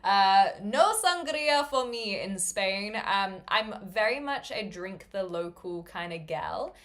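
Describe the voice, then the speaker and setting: A woman's voice: medium pitch, lively intonation, slow, fairly bright tone. A woman live-streaming, chatting casually with her viewers, rambling with lots of fillers and frequent laughter.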